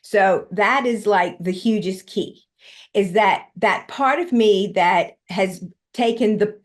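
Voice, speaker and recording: An earnest woman at an ordinary, middle pitch, talking through her ideas in a relaxed interview. She keeps checking in with her listener as she explains. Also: takes it slowly. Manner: earnest and explanatory, frequent "right?" and "you know" check-ins. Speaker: guest, recovery teacher. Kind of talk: casual conversational interview.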